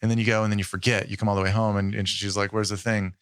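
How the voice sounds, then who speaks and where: A man in his thirties co-hosting a podcast, explaining things in a measured, casual way with frequent ums. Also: lowish voice, flat delivery, smooth, dry recording, clean studio sound. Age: 30s. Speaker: podcast co-host. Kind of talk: casual chat.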